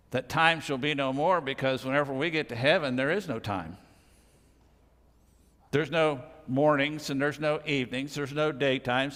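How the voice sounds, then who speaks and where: Older guy preaching, folksy and plain, slow pauses, echoey church hall. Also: mid-range voice, fairly bright tone. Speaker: pastor. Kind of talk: sermon. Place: church sanctuary.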